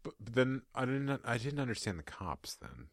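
A man's voice: mid-range voice, very animated, normal speed, no echo, studio quality. A man co-hosting a podcast, talking over a movie casually and hesitantly, with frequent restarts. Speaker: podcast co-host.

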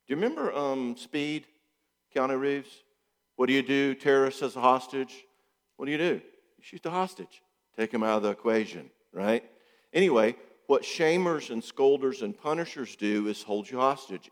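A man, a counselor, giving a talk to an audience, animated and acting out bits of dialogue. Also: medium pitch, moderate pace, big-room sound. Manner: animated, acts out quoted dialogue.

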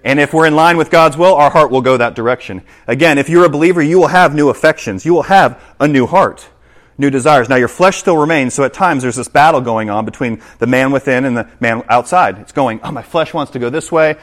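Animated male pastor preaching. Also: mid-range voice, a little fast. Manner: animated, acts out scenes, asks the congregation "right?". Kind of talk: sermon. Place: church.

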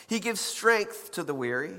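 A man's voice: sits high, big pitch swings, moderate pace, pushed and bright, big-room sound. A man preaching a sermon in a conversational way, with playful asides and frequent restarts. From United States. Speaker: pastor.

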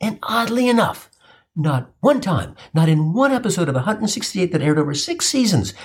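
Brief: husky irreverent male raconteur, animated pitch, cursing for laughs. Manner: irreverent, profane, wry asides. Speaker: storyteller. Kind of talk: comic personal storytelling.

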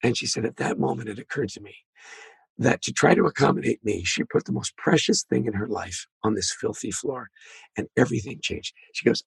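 Male guest, very gravelly and husky, animated storyteller who acts out the dialogue. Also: medium pitch, a little fast, dry recording. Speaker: guest, leadership author. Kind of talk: storytelling interview talk.

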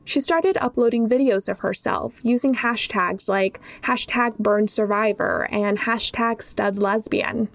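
A woman narrating a documentary and putting interview questions in a measured way. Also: on the high side, vocal fry.

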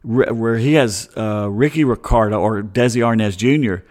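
A man's voice: lowish voice, moderate pace, darkish tone. A middle-aged man hosting a show, chatting in a loose, opinionated monologue full of digressions and chuckling asides. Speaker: host. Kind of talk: casual rambling monologue.

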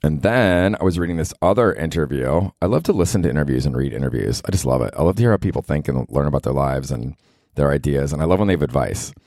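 A man's voice: extremely low pitch, lively intonation, fast talker, a little mellow, no room sound, studio quality. A man hosting a solo comedy podcast, rambling casually in a slangy, laid-back way.

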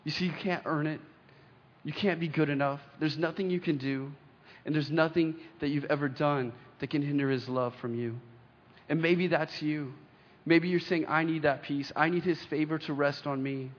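Man preaching in an echoing hall. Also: on the high side. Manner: earnest preaching, reads scripture aloud with emphatic pauses. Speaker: pastor. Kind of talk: sermon. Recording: dull lo-fi sound with long hall reverb.

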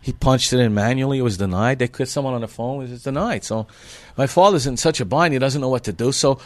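Male chef guest, animated anecdote-teller who laughs a lot, dry recording. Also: mid-range voice, quick pace, dry recording. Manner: animated, acts out the people in his stories; laughs often. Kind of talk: storytelling in a podcast interview.

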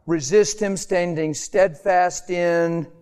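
Guy preaching a sermon, pretty high voice, gets all fired up then goes soft, acts out little voices. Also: steady tone, takes it slowly, smooth. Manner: impassioned, rising to high emphatic peaks then dropping soft; acts out quoted voices in conversational asides. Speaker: pastor.

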